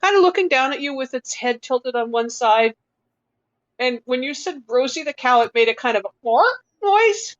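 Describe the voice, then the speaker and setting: A woman narrating as game master of a tabletop game, relaxed and patient, with casual fillers. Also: sits high, normal speed, muffled recording.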